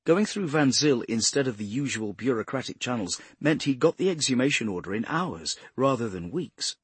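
A man narrating a crime novel as an audiobook, in a steady, measured voice. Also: mid-range voice, breathy edge, no echo. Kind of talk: scripted narration.

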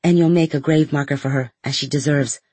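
A man with a husky voice voicing a young woman who speaks in sharp, reproachful tones, heard in a storybook reading. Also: a little high, steady tone, brisk, dry recording. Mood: firm. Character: young woman, grieving and indignant prisoner.

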